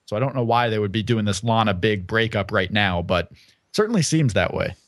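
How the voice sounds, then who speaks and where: A man's voice: fairly low pitch, lively intonation, fairly quick, fairly bright tone, no room sound, clean studio sound. A man co-hosting a casual podcast, thinking aloud and hedging his predictions. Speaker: podcast co-host.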